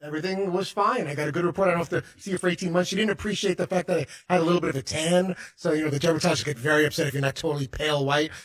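A male co-host with a slightly high voice fires off rapid, teasing banter. His delivery is very fast, and his tone is husky. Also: fairly even intonation. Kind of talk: casual talk show banter.

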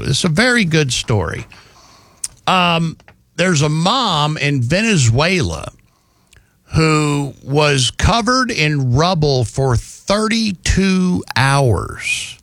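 A man hosting a talk show, telling news stories in a casual, animated way with jokey asides. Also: on the high side, no room sound. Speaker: radio show host.

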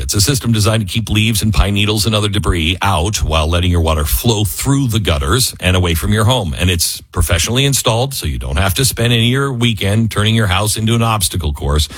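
A male talk radio host with a husky, slightly raspy voice holds forth in an opinionated monologue. His pitch swings widely, and he slips into mocking put-on quotes. The sound is dry and close to the studio mic. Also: dry recording.

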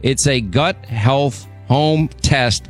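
A middle-aged man hosting a call-in radio talk show, quick and conversational, stammering a bit when he defends himself. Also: medium pitch, soft background music.

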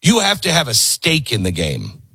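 A man's voice: medium pitch, wildly swooping pitch, normal speed, vocal fry, bright, forceful tone, slightly rough, dry recording. A man hosting a political commentary show, talking in a sarcastic, mocking way with lots of asides.

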